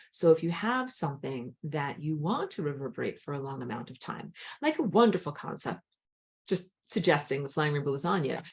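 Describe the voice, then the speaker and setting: A woman with a dry throat teaching an online spiritual class, talking in an animated way and jumping high when she acts out a crying child. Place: outdoors on a hot day.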